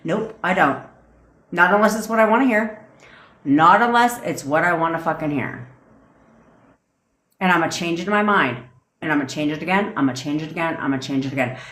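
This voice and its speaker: A woman's voice: low voice, brisk, long pauses, fairly bright tone. A woman manifestation coach on a livestream, ranting bluntly and swearing freely while answering viewer comments. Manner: blunt, profane, fired-up. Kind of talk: livestream rant. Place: home desk. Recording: roomy, echoey room sound.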